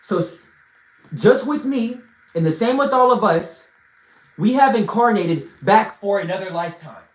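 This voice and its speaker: A man livestreaming from a phone, telling a story in an animated, profane way with bursts of shouting. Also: sits high, unhurried, echoey room, rough recording. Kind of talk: storytelling monologue.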